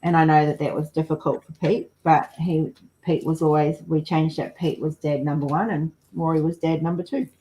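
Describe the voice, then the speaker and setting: Lower-voiced woman chatting frankly. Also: steady tone, moderate pace, mellow, a little hiss or hum, low-quality recording. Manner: frank, chatty, laughs easily. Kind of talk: casual livestream chat.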